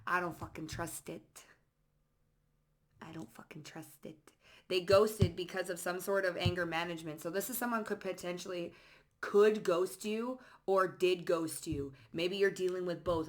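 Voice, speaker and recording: A woman with a somewhat low voice talks through a tarot reading in a loose, casual way. She is blunt and sassy and swears freely. She reads out card phrases in short bursts. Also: moderate pace. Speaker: psychic tarot reader.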